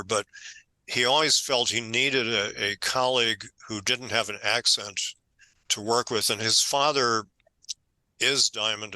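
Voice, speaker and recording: An older man speaking as an interview guest, his voice low-pitched but very bright and forceful. He tells his stories in an animated, emphatic way. The sound is dry and close. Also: no echo, low-quality recording. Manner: animated storytelling, emphatic when indignant. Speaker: author guest. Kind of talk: conversational interview.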